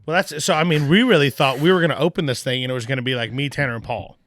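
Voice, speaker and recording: A man tells a story in a relaxed podcast chat, jumping into other people's voices as he goes. His voice sits mid-range for a man, and the sound is dry and close, with no room around it. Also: medium pitch, racing, no echo. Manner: animated, acts out quoted dialogue, swears casually. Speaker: podcast guest, brewery owner. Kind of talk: casual storytelling.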